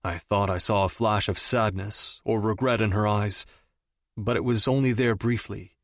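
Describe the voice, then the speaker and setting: Male audiobook narrator, first-person romance, lowish voice, dry close sound. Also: steady tone, normal speed, a bit bright, no echo.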